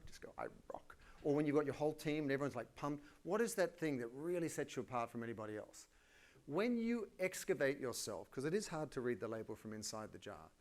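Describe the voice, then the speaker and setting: An Australian man in middle age delivers a conference keynote with a slightly high-pitched voice. He talks in an energetic, colloquial way and pokes fun at himself as he goes. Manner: energetic, colloquial, self-deprecating. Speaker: keynote speaker. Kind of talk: live conference talk.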